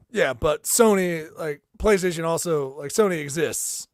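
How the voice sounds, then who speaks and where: A man co-hosting a comedy podcast, rambling in animated casual chat. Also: high voice, a little fast, no room sound, studio quality. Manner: rambling, animated, slips into silly impressions. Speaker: podcast co-host.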